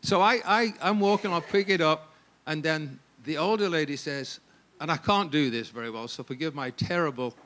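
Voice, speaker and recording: An English man speaking at a ministry staff gathering, telling humorous stories in an animated, jokey way and laughing often. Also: on the high side, moderate pace, few pauses, a little hiss or hum. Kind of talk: humorous storytelling talk.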